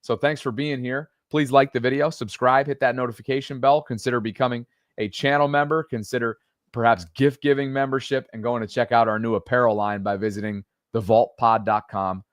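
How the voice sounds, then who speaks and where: Relaxed man hosting a live podcast. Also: medium pitch, a little fast, no echo, studio quality. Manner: relaxed, friendly, runs through channel plugs. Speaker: podcast host.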